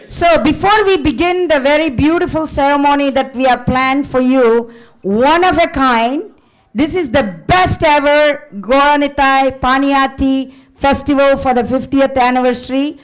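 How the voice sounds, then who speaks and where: A woman's voice: high-pitched, normal speed, low-quality recording. A woman hosting a live festival, energetically calling out to rouse the crowd. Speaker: festival emcee.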